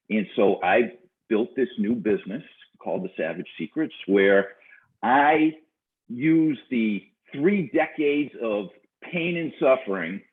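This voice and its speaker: A man in his fifties with a Boston accent, telling his story as an interview guest in an energetic, chatty way and laughing easily. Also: fairly low pitch. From Boston, USA. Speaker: guest, entrepreneur and business coach. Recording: tinny phone-like line.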